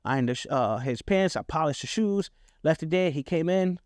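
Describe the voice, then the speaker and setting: A man's voice: on the high side, expressive, a little fast, darkish tone, no echo, studio quality. A middle-aged man hosting a podcast, telling personal stories in a casual, candid way, often checking in with "right?" and swearing freely. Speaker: podcast host. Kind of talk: personal storytelling monologue.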